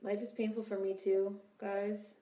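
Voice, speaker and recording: A woman's voice: medium pitch, level tone, measured pace, mellow, reverberant. A young woman casually commenting on a film during a live stream, swearing freely and answering her chat. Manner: chatty, swearing, reads and answers viewer chat.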